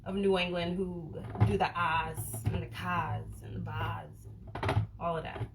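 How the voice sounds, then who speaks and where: A woman's voice: on the low side, level tone, a little slow, gravelly, over music, poor audio. A woman from Boston hosting a casual livestream, answering viewer comments in a frank, slangy way with lots of "like" and the odd swear. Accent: Boston, without the stereotypical broad vowels. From Boston, USA. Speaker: wellness livestream host.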